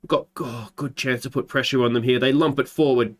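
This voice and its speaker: An Australian man hosting a football management let's play, calling his match like a commentator and swinging into excited shouts at big moments. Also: medium pitch, brisk. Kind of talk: gameplay commentary.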